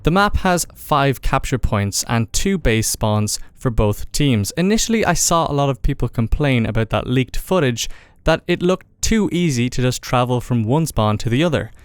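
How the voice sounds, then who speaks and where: Man, mid-pitched, crisp voice, casual eager gameplay voice-over. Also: animated, normal speed, dry recording. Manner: casual and enthusiastic. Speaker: gaming video creator.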